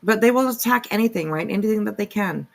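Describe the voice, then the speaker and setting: Woman host in a casual reaction chat, rambly delivery with fillers, everyday mid pitch. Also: fast talker, gravelly, a little hiss or hum. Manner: rambling, heavy with "like" and "um". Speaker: commentary host.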